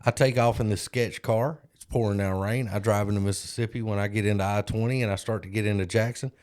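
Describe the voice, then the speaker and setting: Low-voiced man telling a candid story. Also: steady tone, quick pace, darkish tone. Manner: candid, self-deprecating storyteller. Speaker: podcast co-host. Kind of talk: casual storytelling chat.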